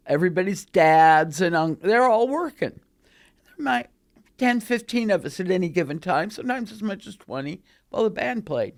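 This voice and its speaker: An older woman in her eighties recalls her past in casual storytelling. She speaks in a lively, animated way. She is recorded in a studio. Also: on the low side, moderate pace. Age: 80s. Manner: animated, acts out quoted voices. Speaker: guest recalling her career.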